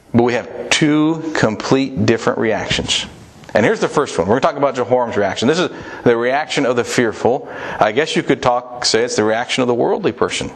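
A man preaching a sermon in a conversational way, with emphatic rises in pitch and a pace that speeds up and slows down. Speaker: pastor.

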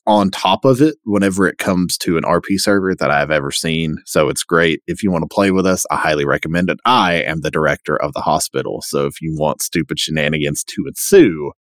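A man with a very low voice chats on a podcast, upbeat and easygoing. The sound is dry and close, with no room around it. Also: a little fast, few pauses, dry recording. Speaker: podcast co-host. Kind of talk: casual chat.

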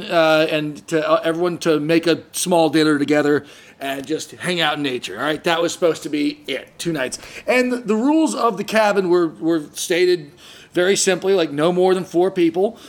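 A man with a fairly high voice tells a story on a casual podcast. He is animated, jumps into the voices of the people in the story, and trips over his words as he goes. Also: normal speed. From San Diego area. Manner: animated, acts out quoted voices, frequent restarts. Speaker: podcast host.

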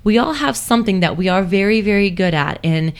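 A woman's voice: mid-range voice, lively intonation, a little fast, clean tone. A young woman talking casually as an interview guest, chatty with lots of fillers and restarts, acting out her own inner voice.

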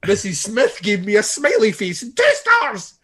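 A Scottish man in his thirties co-hosting a podcast, telling stories in a rambling, animated way and laughing often. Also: high-pitched, moderate pace. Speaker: podcast co-host. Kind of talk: casual comedic chat.

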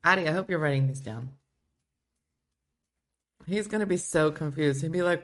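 A woman's voice: low voice, moderate pace. A woman hosting a casual livestream chat from home, playfully riffing on viewer comments. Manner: playful, reads viewer comments aloud and riffs on them. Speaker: show host.

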